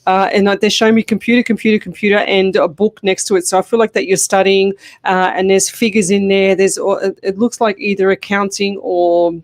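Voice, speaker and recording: A woman's voice: mid-range voice, little pitch movement, brisk. A woman doing live psychic readings on radio, chatty and rambling, breaking into laughter often.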